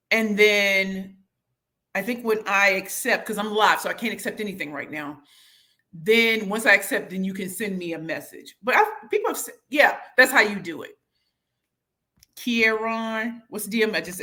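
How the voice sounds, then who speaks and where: A woman hosting a casual livestream, reading out viewer comments in a playful way and sometimes breaking into sing-song. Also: medium pitch. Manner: lively, playful, bursts into sing-song and shouts. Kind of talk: casual live chat.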